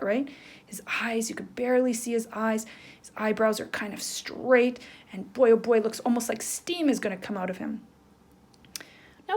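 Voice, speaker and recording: A woman teacher giving a playful, animated lesson to young children, checking in with "right?" as she draws. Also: on the high side. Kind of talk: children's lesson, drawing along.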